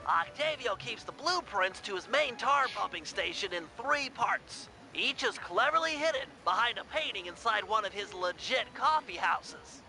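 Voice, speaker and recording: A brainy, nerdy male turtle planner from a video game, briefing his crew with precise explanations. The voice sits very high and sounds sharply bright. Faint game music plays behind. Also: lively intonation, normal speed, few pauses, full character voice, poor audio. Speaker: gang planner giving mission briefings. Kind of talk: video game cutscene dialogue.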